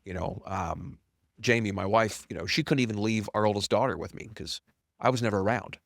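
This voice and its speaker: A middle-aged company founder, a guest on a podcast, tells his story candidly, bluntly and with self-deprecating humor. He talks a little fast with some vocal fry, and he's animated, acting out quoted dialogue with big pitch jumps. The recording is studio quality with no room sound.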